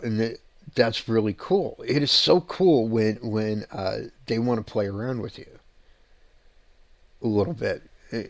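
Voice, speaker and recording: A man hosting a paranormal show, telling ghost-hunting stories in a rambling, excited way with frequent laughs and restarts. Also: on the low side, no echo. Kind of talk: casual storytelling on a show.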